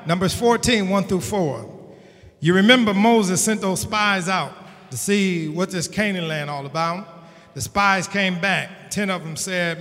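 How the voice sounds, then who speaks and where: A man preaching a sermon as pastor, building to shouted emphasis with a call-and-response cadence. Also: high-pitched, unhurried. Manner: preaching with rising, shouted emphasis and Southern Black church cadence. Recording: long hall reverb.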